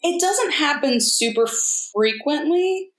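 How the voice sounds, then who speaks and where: A woman voice actor talking candidly in a casual interview, animated and quick to mimic people in her stories. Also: high voice. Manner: candid, animated storyteller who mimics others. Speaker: voice actor guest. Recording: roomy echo.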